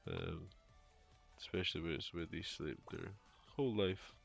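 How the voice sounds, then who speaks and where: A gravelly, low-voiced man streams a game from home over a headset, speaking at a moderate pace. He rambles casually, packing his talk with fillers and dry jokes; he's a streamer and a young father chatting during a relaxed gaming stream. The lo-fi recording sounds dull, with music playing behind him in his home room.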